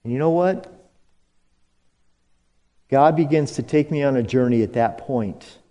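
A male pastor preaching a sermon, slow and dramatic, jumping to high emphatic bursts and dropping to hushed asides, leading the congregation in call-and-response. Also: highs cut off. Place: church sanctuary. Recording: long reverb of a church hall.

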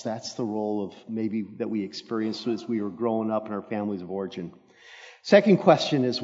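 A man moderating a church Q&A, reading out audience questions in a measured way. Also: mid-range voice, dark tone. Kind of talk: church talk Q&A. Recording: echoey hall, dull lo-fi sound.

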